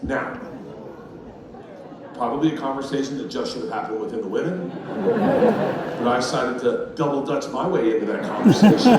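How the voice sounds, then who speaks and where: A man's voice: medium pitch, expressive, fairly quick, background noise. A middle-aged man telling a rowdy stand-up story with lots of laughter in his voice. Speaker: stand-up comedian. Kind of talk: stand-up comedy set. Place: large comedy venue. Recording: echoey live venue, far mic. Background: crowd laughter.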